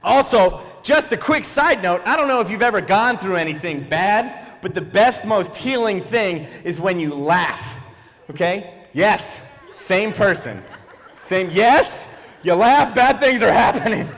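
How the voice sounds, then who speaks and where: A man doing stand-up comedy in a church hall, animated and quick to switch into voices for the people he quotes. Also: high-pitched. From Philadelphia. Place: large church hall before a live audience. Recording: echoey hall.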